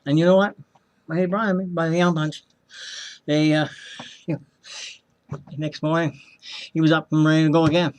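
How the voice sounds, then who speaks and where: A man's voice: fairly high pitch, level tone, a little fast, long pauses, darkish tone. A man telling his own story as a former hospital patient, impassioned and accusing, often repeating himself and acting out the voices of people he quotes. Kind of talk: personal testimony, storytelling.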